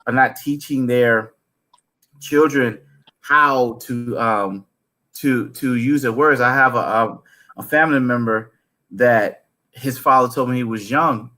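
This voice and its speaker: A man's voice: mid-range voice, slow pace, bright, forceful tone. A man hosting an interview, responding in an earnest, reflective, conversational way. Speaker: host. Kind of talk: casual interview chat. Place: interview studio.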